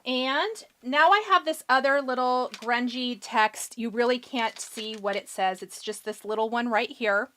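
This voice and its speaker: A woman's voice: a little high, measured pace, few pauses, bright, forceful tone, a little hiss or hum. A woman hosting a live card-making demonstration, chatting casually and answering viewer questions as she works. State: has the hiccups. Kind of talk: live-stream craft demonstration.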